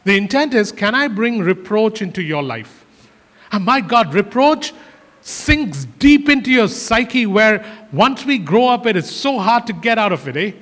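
A man's voice: sits high, big pitch swings, measured pace, fairly bright tone. A male pastor preaching a sermon in earnest, often repeating his phrases for emphasis. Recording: hall reverb.

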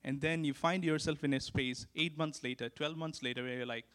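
A man preaching to his church in an earnest sermon, his voice sitting a little higher than most men's. He drives his points home by repeating them. He shifts between forceful calls to act and soft, close asides. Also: steady tone, fairly quick, clear, resonant tone. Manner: earnest, repeats key lines for emphasis; swings from emphatic to hushed. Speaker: pastor.

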